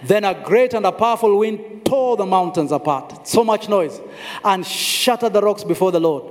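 A man's voice: high-pitched, expressive, moderate pace. A man preaching a sermon, telling the story dramatically, acting out the voices and repeating phrases for emphasis. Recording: long hall reverb.

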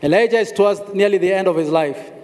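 Male preacher, high voice, dramatic storytelling, repeats lines, long hall reverb. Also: fast talker, a little mellow. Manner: repeats phrases for emphasis. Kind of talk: sermon.

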